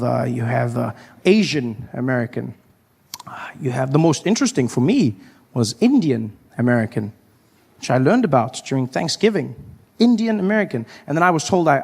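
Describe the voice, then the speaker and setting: A man performing stand-up comedy, telling stories with animated impressions. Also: mid-range voice. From South Africa.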